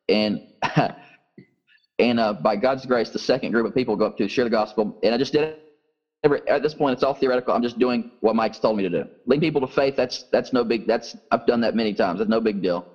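A man's voice: mid-range voice, brisk, darkish tone, highs cut off. A man, a pastor, telling a first-person story in an earnest way during an interview.

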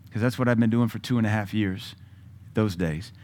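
Male pastor, middle-aged, preaching, animated storyteller, laughs mid-sentence, loud and soft swings. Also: on the low side, moderate pace. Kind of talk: sermon.

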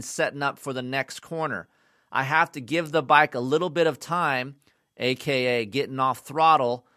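A man's voice: mid-range voice, pushed and bright, no echo, clean studio sound. A man giving a casual, rambling motocross bike review, blunt and often profane.

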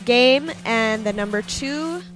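A woman's voice: fairly high pitch, takes it slowly, music in the background. A woman guest on a casual podcast, friendly and giggly as she chats with the hosts. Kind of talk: casual chat.

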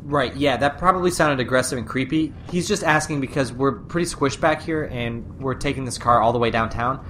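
A man's voice: medium pitch, fairly quick, hardly any pauses, fairly bright tone, a little hiss or hum. A man co-hosting a comedy podcast in an easygoing, chummy way. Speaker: podcast co-host. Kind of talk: improvised comedy sketch.

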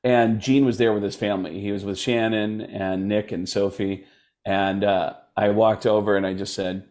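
Rambling comedian guest, full of fillers. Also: male voice, fairly low pitch, fairly even intonation, darkish tone. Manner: rambling, halting with many fillers. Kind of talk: casual podcast chat.

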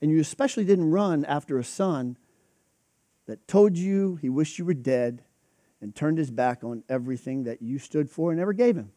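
A man's voice: on the high side, expressive, moderate pace, mellow, no echo, studio quality. A man preaching a sermon in a conversational, emphatic way, acting out quoted reactions. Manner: conversational, emphatic, with frequent restarts and quoted asides.

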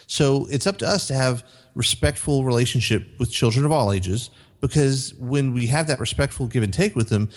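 A man's voice: medium pitch, moderate pace, hardly any pauses. A man co-hosting a parenting podcast, earnestly summarizing and reading from an article. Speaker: podcast co-host. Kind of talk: casual chat, reading quotes.

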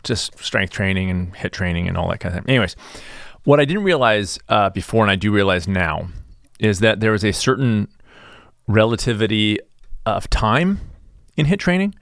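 Low-voiced rambling comic host. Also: male voice, animated, moderate pace, gravelly, a bit bright, dry recording, clean studio sound. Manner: rambling, self-deprecating, stop-start. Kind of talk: casual comedic monologue.

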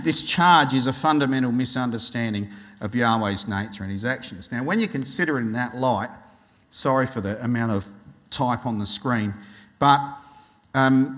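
A man preaching a sermon, telling a personal story and acting out voices with animated delivery. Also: medium pitch, big-room sound. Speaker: pastor.

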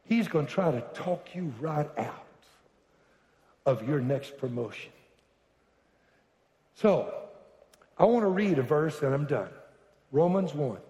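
A man preaching a sermon to a congregation, building from slow, deliberate lines up to shouted declarations. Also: a little high. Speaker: pastor. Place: large church hall. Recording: echoey hall from far off.

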